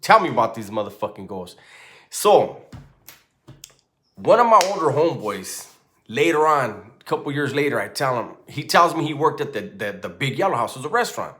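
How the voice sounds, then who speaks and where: Telling a real ghost story with loose, foul-mouthed energy, this man in his forties keeps asking "right?" along the way. He talks at normal speed with a fairly high pitch.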